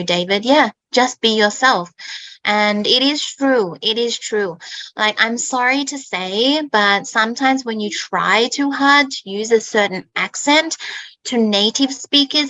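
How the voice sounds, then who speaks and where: Bright, emphatic woman teacher. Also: fairly high pitch, unhurried, dry recording, low-quality recording. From Australia. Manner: emphatic, repeats herself, keeps asking "okay?". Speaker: host and English teacher. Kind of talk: casual online teaching chat.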